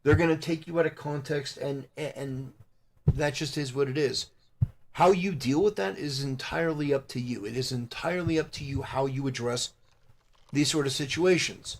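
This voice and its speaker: Preachy, halting man lecturing. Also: mid-range voice, slight background noise. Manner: moralizing, halting with many fillers. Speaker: content creator. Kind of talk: preachy live-stream monologue.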